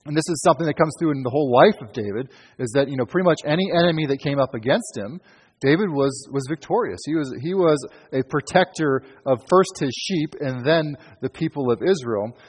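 Husky-voiced man preaching in a reverberant hall. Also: a little high, lively intonation, fairly quick. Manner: conversational, emphatic preaching with fillers. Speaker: pastor. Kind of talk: sermon.

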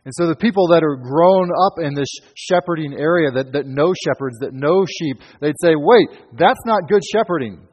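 Male pastor, husky voice, conversational emphatic sermon, long hall echo. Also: fairly high pitch, moderate pace, few pauses, darkish tone. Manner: conversational, emphatic preaching with fillers.

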